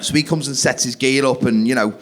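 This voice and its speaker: A man in his forties doing a stand-up comedy set, energetic, jumping to loud shouted punchlines. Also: medium pitch, fairly quick, a faint crowd, slight background noise. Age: 40s. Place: theatre stage, live audience.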